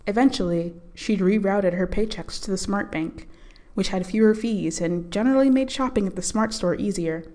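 A woman narrating a story in a calm, measured storytelling voice. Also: medium pitch. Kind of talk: scripted audiobook narration.

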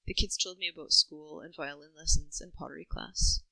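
A woman reading a first-person story in an even, reflective way, close to the mic. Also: deep voice, moderate pace, creaky, no room sound, low-quality recording. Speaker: narrator.

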